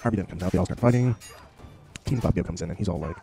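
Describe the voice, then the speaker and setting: A man's voice: deep voice, very fast, vocal fry, dark tone, faint music behind. A young man narrating a flippant, sarcastic comedy recap in a joking tone. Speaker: recap video host.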